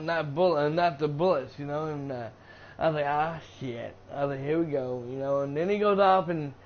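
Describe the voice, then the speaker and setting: A man with a high voice casually recaps a movie for his live stream. He rambles, stumbling over restarts and constant fillers. The audio sounds dull and lo-fi. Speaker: gaming streamer reviewing a movie.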